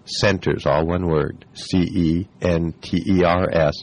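Hoarse, very deep-voiced man. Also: steady tone, darkish tone, low-quality recording. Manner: measured, spells things out slowly. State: hoarse, losing his voice. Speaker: guest expert. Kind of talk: radio interview.

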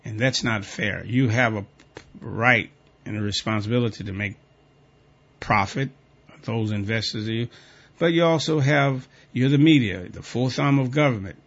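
A man with a mid-range voice reads a list of rules aloud in a plain, steady way. He keeps stopping to add pointed, indignant remarks of his own. The recording is somewhat dull and lo-fi. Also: medium pitch, normal speed. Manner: reads text flatly, then breaks off into pointed, indignant asides. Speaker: commentator reading and reacting to guidelines. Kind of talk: reading a document aloud and commenting.

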